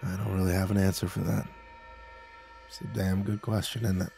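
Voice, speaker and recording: A man playing a weathered farmer who speaks in a gentle, low, easygoing way. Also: fairly even intonation, normal speed, creaky, slightly rough, faint music behind. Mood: somber.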